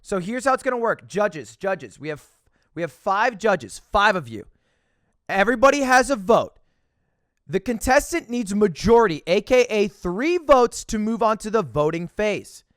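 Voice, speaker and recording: A young man livestreaming from his home setup, hosting a virtual talent show in VR with energetic, joking, quick-to-laugh chatter. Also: high-pitched, dry recording, clean studio sound. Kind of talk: casual livestream chat. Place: home streaming setup, playing in VR.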